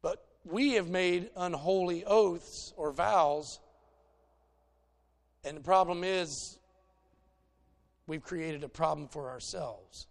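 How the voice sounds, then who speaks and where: A man's voice: fairly high pitch, slow, gravelly, pauses often. A man preaching a conversational sermon in a folksy, plainspoken way, telling stories to make his points.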